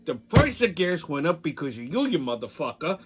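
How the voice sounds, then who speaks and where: A man with a somewhat high voice rants through his weekly commentary. He curses constantly, turns sarcastic, and keeps restarting his sentences as he goes. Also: very animated, brisk, breathy edge. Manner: profane, heated, sarcastic, rambling with restarts. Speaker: host of a weekly political commentary show. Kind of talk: casual ranting commentary.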